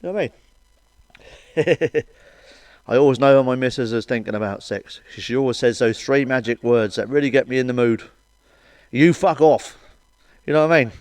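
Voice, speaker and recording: A man's voice: mid-range voice, no room sound. A middle-aged man doing stand-up. He tells crude, sweary jokes, keeps asking "you know what I mean," and laughs at his own punchlines. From Wales. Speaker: comedian. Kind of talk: crude stand-up joke telling.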